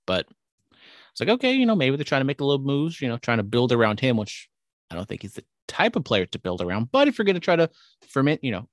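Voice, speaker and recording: Casting: young male co-host, mid-pitched, loose rambling chat, dry booth sound. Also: dry recording. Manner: rambling, teasing. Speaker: podcast co-host. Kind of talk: casual chat.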